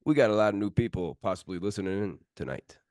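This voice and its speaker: A man's voice: on the low side, animated, fast, darkish tone, dry recording, clean studio sound, soft background music. A man hosting a sports podcast, chatting in laid-back, friendly banter. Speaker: podcast host. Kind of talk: casual chat.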